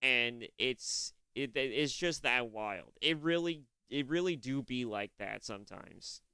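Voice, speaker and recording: A man's voice: medium pitch, slow, bright, forceful tone, smooth, dry recording. A young man from California giving casual, profane reaction commentary, rambling with restarts. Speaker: reaction streamer.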